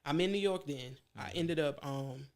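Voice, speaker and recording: Male guest, fairly high pitch, earnest conversational testimony that keeps checking in with the listener. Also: moderate pace. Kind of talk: casual personal testimony on a church livestream.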